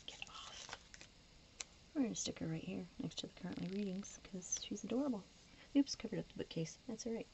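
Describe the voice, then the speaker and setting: This plan-with-me chat comes from a woman with a medium-pitched voice full of vocal fry, animated and fast-talking. As she decorates her planner she often whispers, her voice getting tired and starting to go. The recording is dull and lo-fi with faint noise.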